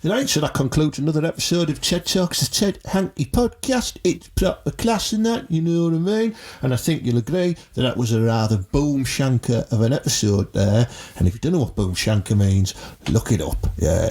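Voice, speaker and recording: A man hosts a comedy podcast at a middling pitch. He is cheeky and crude, plugging his shows between jokes, with a loose, chatty delivery. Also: animated, fairly quick, darkish tone, slightly rough. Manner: crude, cheeky, self-promoting. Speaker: podcast host.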